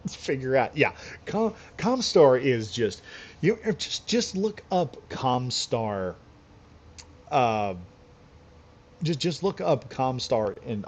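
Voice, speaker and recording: During a late-night game live stream, a man chats casually, rambling loosely and chuckling often. His voice sits at medium pitch, and the slightly dull lo-fi audio carries a little hiss or hum.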